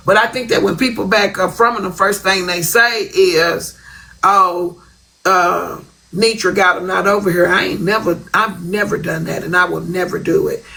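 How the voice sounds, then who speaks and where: A woman's voice: medium pitch, vocal fry, a bit bright, low-quality recording. A woman talking bluntly on a live stream, repeating herself for emphasis. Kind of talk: casual live-stream chat.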